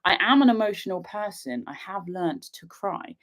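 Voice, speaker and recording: A young woman from England chats to her livestream viewers from a sofa at home, giggly and full of playful asides. Her pitch swings in a lively, animated way, and she sounds a little sniffly and tearful from an allergy. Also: moderate pace. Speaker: outdoor vlogger hosting a livestream. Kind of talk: casual livestream chat to viewers. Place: sofa in her father's living room.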